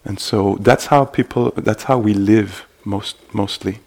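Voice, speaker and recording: A man leads a dharma talk at a meditation retreat, speaking with hesitation in a low, level, gravelly voice. He halts often, filling gaps with fillers and quiet asides.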